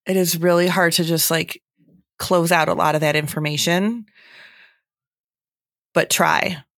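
A woman's voice: fairly low pitch, fairly even intonation, measured pace, no room sound, studio quality. A young adult woman giving earnest, chatty advice on feeding babies, often slipping into quoted asides. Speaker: breastfeeding expert guest. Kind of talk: casual advice chat.

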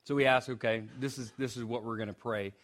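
A young male pastor preaching in a loose, conversational way, often restarting phrases. He slips in joking asides and keeps his voice at an ordinary middle pitch. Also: fairly even intonation, fast. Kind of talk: sermon.

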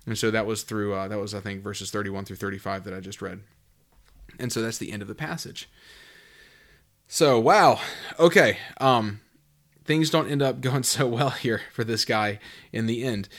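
Male Bible teacher: reads passages, then unpacks them conversationally, with sudden leaps up in pitch for emphasis. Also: moderate pace. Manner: reads scripture, then explains in a relaxed, musing way with fillers; swings into high, loud emphasis when stressing a point.

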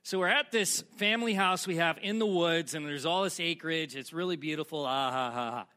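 High, bright-voiced male pastor preaching. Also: fairly quick. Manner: conversational storytelling with asides to the congregation. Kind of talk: sermon.

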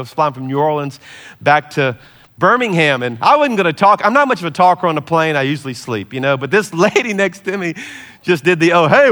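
A middle-aged man, a pastor, preaching a sermon with lively storytelling and laughter, easing into a soft, slow prayer. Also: on the high side. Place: large church hall.

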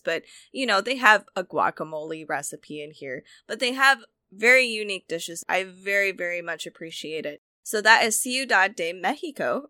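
A woman reviewing cookbooks as a co-host speaks with a medium-pitched, pushed, bright voice, captured dry. Her manner in the casual chat is enthusiastic and chatty, with frequent restarts as she corrects herself.

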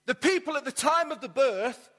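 A man's voice: very high-pitched, expressive, moderate pace, bright, forceful tone. A man, a church pastor delivering a friendly, story-led sermon with light humour. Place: church auditorium. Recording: reverberant church hall.

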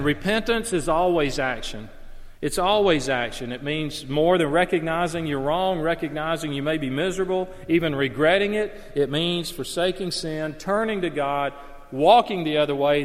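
Earnest preacher man in a reverberant hall. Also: on the high side. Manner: earnest, emphatic, rises to stress key points. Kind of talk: sermon. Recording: long reverb of a large hall.

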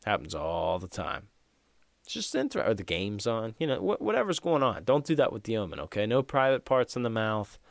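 Gravelly-voiced man joking on a podcast. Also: mid-range voice, sing-song, brisk, hardly any pauses, no room sound. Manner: joking, rambling, profane. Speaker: podcast co-host. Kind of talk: casual crude chat.

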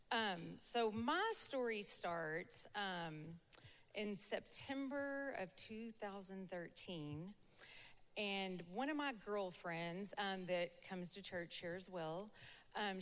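Southern woman, church testimony, slow bright delivery, chatty, big echoey hall. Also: mid-range voice. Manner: chatty, laughs often, quotes others. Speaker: church member giving testimony. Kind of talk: casual storytelling testimony. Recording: long hall reverb.

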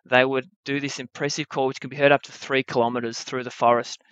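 A young man telling a true adventure story at a live story slam, wry and animated, with comic timing. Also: mid-range voice, quick pace, clean tone, no room sound, dull audio.

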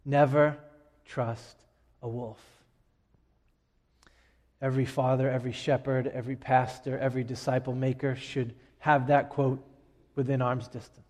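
A middle-aged man preaching a sermon as pastor, emphatic, with dramatic pauses and swings from loud to hushed. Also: mid-range voice, little pitch movement. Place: church sanctuary. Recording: long reverb of a large hall.

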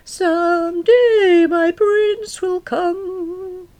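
A woman's voice: fairly high pitch, sing-song, slow pace, creaky, a little mellow, voice pushed up, exaggerated voice. A woman reading aloud voices a melodramatic, self-pitying woman who talks theatrically and breaks into sing-song.

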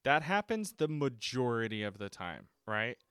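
Speaking from notes while seated at a desk microphone, a man hosts a casual solo podcast reviewing films; he rambles, curses freely, and often restarts sentences with many fillers. His medium-pitched voice is sing-song, smooth, and fairly bright at normal speed, in studio quality with no echo.

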